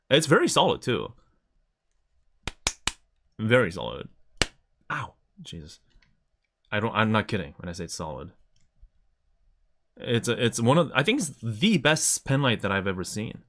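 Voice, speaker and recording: A man's voice: lowish voice, wildly swooping pitch, unhurried, long pauses, a bit bright. A man chatting casually on a live stream, enthusiastically showing items to the camera.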